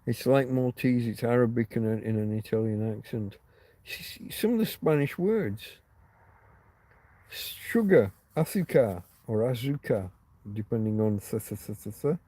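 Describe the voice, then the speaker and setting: Mellow-voiced man rambling on a livestream. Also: mid-range voice, expressive, normal speed, no room sound. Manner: meandering, answers viewer comments. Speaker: livestream host. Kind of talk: casual rambling chat with viewers.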